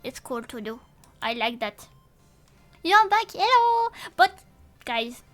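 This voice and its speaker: A young woman chats loosely through a live stream, her voice sitting high. She trips over her words, restarts often and throws in playful curses. Faint music plays quietly underneath. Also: big pitch swings. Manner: rambling and halting, with many restarts, playful swearing. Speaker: VTuber streamer. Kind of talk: casual live-stream chat.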